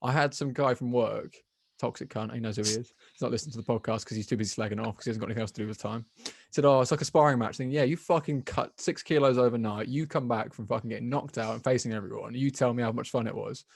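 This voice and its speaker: A man's voice: mid-range voice, quick pace, creaky, no room sound. A man hosting a podcast as an MMA fighter, talking bluntly and swearing freely. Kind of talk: casual podcast chat.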